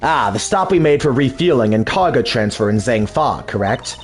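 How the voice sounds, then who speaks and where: A man voicing a cool, composed male prosecutor who speaks in a measured, deliberate way in a game dub. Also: medium pitch, animated, soft background music, voice pushed down, close to an everyday voice. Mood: calm, analytical.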